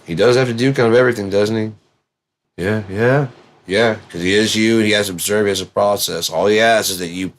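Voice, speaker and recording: A man with a low-pitched voice rambles through a profane monologue. He drops to quiet mutters, then bursts into loud, excited yelling. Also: brisk.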